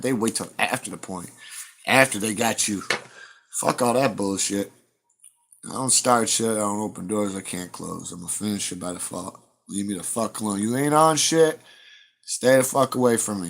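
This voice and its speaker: A man's voice: fairly low pitch, a bit bright. A man, chatting casually to viewers on his livestream, blunt and profane as he rambles through stories. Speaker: livestream host.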